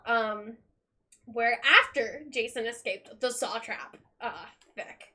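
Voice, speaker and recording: A young woman streamer chatting loosely to her viewers, with a slightly high voice. She talks at an unhurried pace, rambling from thought to thought. She swears freely and laughs along the way. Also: fairly bright tone. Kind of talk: casual chat.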